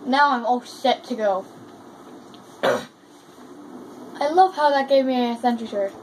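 A high-voiced woman chats through her gameplay at an unhurried pace, breaking into excited exclamations. The capture is noisy, with game sounds underneath. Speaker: gamer. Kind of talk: casual gameplay commentary.

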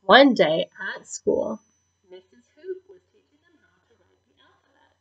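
A woman teacher reading a picture book aloud to children in a slow, expressive storytelling manner. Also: mid-range voice, creaky, slightly rough, lo-fi sound.

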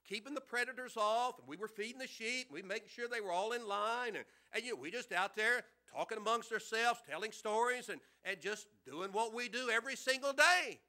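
Man doing a humble shepherd, awestruck, earnest, stammering, very high voice. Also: brisk, few pauses, pushed and bright, heavily acted. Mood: matter-of-fact. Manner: plain-spoken, earnest, stammering with wonder. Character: humble, awestruck male shepherd being interviewed.

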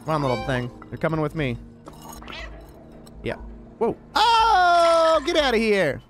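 A young man giving live gameplay commentary as a streamer, with sudden loud excited exclamations between quieter musing. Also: fairly high pitch, moderate pace, soft background music. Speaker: gaming streamer.

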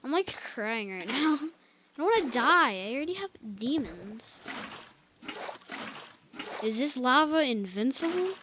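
A young woman narrating her gameplay in a high, bouncy voice that swings all over the place. She is excitable and jokey, and she talks to her viewers in an unhurried way. A noisy home recording with clicks runs underneath her. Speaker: gamer. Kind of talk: live gameplay commentary.

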